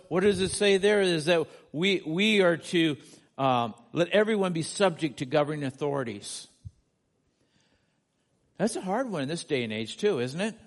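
An American male pastor delivers a sermon in an earnest, somewhat high voice, building to emphatic peaks and putting questions to the congregation.

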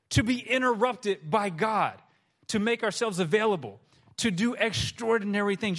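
A man preaching a sermon to his congregation, telling stories with lively acted-out quotes. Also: fairly high pitch. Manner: animated storytelling, acts out quoted voices. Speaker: pastor.

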